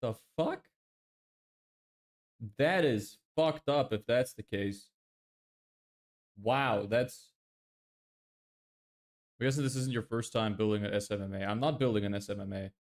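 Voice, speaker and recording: A man's voice: lowish voice, unhurried, long pauses. A young man casually chatting on a live stream, exasperated and swearing often as he answers viewers. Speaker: livestreamer.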